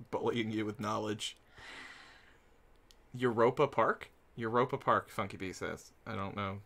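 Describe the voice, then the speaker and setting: A man's voice: lowish voice, unhurried, vocal fry, pauses often, bright, forceful tone. A man hosting a casual podcast chat, playful and teasing, laughing often. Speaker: podcast host.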